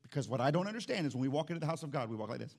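A male pastor preaching an animated sermon in church, calling out to the congregation and acting out little scenes. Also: mid-range voice, racing, creaky. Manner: animated, acts out quotes, calls out to congregation.

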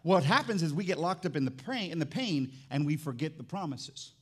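A man preaching a sermon as pastor in a church, animated and jokey, swinging from loud excitement to quiet emphasis. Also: on the high side, fairly quick, slightly rough. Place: church sanctuary.

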